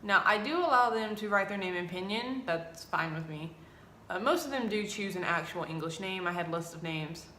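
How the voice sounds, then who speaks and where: A woman's voice: mid-range voice, normal speed, roomy sound, slight background noise. A young woman in her twenties, an English teacher telling classroom stories in a casual vlog, acting out her students' lines. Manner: animated, acts out students' lines in quoted voices.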